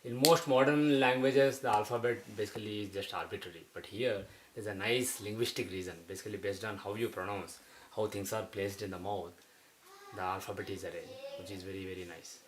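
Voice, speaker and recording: A man's voice: lowish voice, fairly even intonation. Man explaining pronunciation, distant and hissy. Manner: methodical, repeats sounds slowly to demonstrate. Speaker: teacher. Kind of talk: explanatory lecture. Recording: distant mic with faint hiss.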